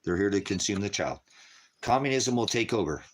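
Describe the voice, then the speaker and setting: A man with a notably deep voice talks loosely on a livestream from home. He rambles from topic to topic, cracks crude jokes, and slips into doting baby talk with his dogs. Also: expressive, a little fast, slightly rough. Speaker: livestream host.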